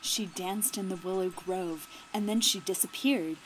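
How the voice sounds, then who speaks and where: A woman voicing a young male outlaw leader, an earnest dreamer, in a low, soft, hushed reading. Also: measured pace, a little hiss or hum, natural voice, rough recording. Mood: dreamy.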